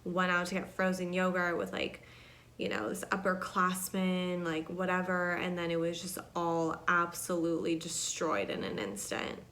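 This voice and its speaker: A woman's voice: on the low side, normal speed, a bit bright. A woman hosting her podcast, telling rambling stories in a chatty, casual way, full of "like" and "you know". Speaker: podcast host. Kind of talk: casual storytelling monologue.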